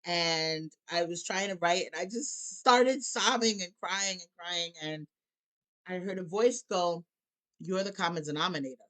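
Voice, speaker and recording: Her voice sits on the low side, unhurried and fairly bright in tone. A musician and life coach, she opens up as a guest about difficult years, at times in tears, laughing through them and voicing her own thoughts aloud. It's a candid, emotional personal conversation.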